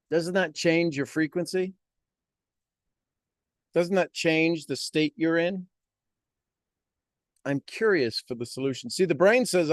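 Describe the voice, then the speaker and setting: A man's voice: on the high side, animated, unhurried, long pauses, no room sound, studio quality. A man giving a motivational monologue on a live stream, preaching with repeated rhetorical questions.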